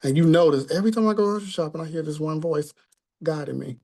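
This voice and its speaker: A man's voice: on the high side, fast, warm tone. A man teaching a spiritual class in a conversational tone, often checking in with the listeners.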